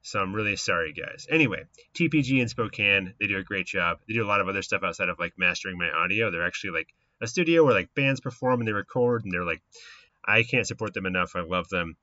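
Man, podcast co-host, casual rambling chat, bright tone, dry sound. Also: low voice, lively intonation, fast, no echo, highs cut off. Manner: easygoing, rambling with frequent fillers.

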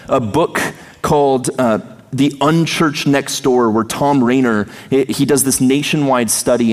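A man preaching a sermon to his church, earnest and emphatic, slowing down and pausing on the words he quotes. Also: mid-range voice. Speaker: pastor. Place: church sanctuary. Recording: long hall reverb.

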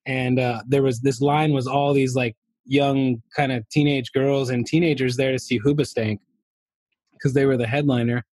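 A man's voice: medium pitch, steady tone, moderate pace, a little mellow, breathy edge, no echo. A man telling a rambling story to a podcast host, laughing often and leaning on fillers. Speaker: podcast guest. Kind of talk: casual anecdote telling.

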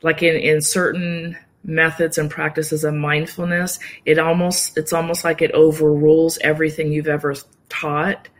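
Calm woman explaining mindfulness practice. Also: sits low, normal speed, few pauses. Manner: calm, explanatory, acts out little quoted inner voices. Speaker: yoga nidra practitioner and guest. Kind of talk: casual interview conversation.

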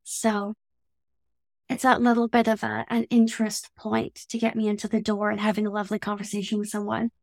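A Canadian woman with a Canadian English accent, a guest in an interview, talking in a thoughtful, measured way. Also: medium pitch, monotone, gravelly, darkish tone, dry recording, studio quality. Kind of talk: reflective conversational interview.

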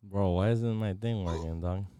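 A man's voice: low-pitched, moderate pace, dark tone, clean tone, no room sound, studio quality. A man in casual, joking chat who swears freely and slips into mock-solemn narration.

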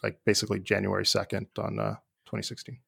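A man being interviewed, talking in a relaxed, thoughtful way with many fillers and restarts. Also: lowish voice, quick pace, creaky, breathy edge. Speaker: guest, former IT leader. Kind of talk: conversational interview.

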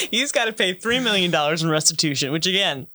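Low, animated woman recapping a show. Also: background noise. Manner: chatty, quick to laugh, acts out quotes. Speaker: podcast co-host. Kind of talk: casual recap chat.

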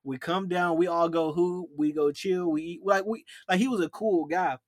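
A young man spins stories in a loose, slangy way, acting out the voices of people who yelled at him. His voice sits a little high. The recording is close and dry. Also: normal speed, no room sound. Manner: animated, acts out yelled quotes, slangy. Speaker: podcast co-host. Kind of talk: casual storytelling chat.

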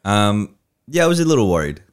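A man co-hosting a podcast in casual chat, calm and measured with hesitant restarts. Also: lowish voice, clean tone. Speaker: podcast co-host.

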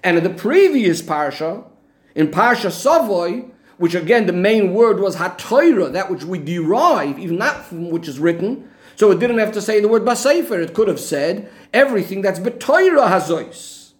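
A man with a high-sitting, very animated voice gives an explanatory Torah lesson at a moderate pace. He works through the reasoning methodically, restating each point step by step.

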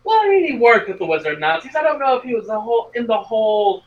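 Casting: tabletop player with a witty, teasing voice that swings widely in pitch. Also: very animated, lo-fi sound. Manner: joking, quick-witted banter. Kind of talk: tabletop game play.

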